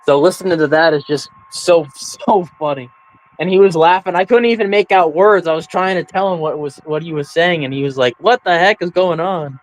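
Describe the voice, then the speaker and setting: A man's voice: a little high, a little fast, rough recording. A young man filling in as host of a casual chat show, laughing often as he talks. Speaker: stand-in host.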